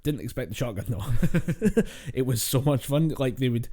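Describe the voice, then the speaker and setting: A young man co-hosts a casual podcast, telling gaming stories with plenty of laughs and acted-out quotes. His voice is mellow and dark at a middle pitch. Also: normal speed. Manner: animated storyteller, laughs often, acts out quotes. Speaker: podcast co-host. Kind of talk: casual chat.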